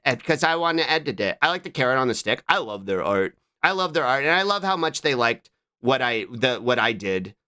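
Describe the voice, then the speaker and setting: Lively bright-voiced streamer guy. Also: on the high side, smooth. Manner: rambling, repeats himself, answers chat with "what?". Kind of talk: casual live-stream chat.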